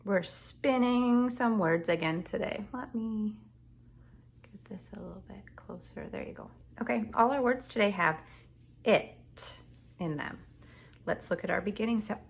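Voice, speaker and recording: A middle-aged woman runs a remote kindergarten lesson from home, speaking to small children in an encouraging, sing-song manner. Her medium-pitched voice is a little slow, and the recording comes from an echoey, noisy room.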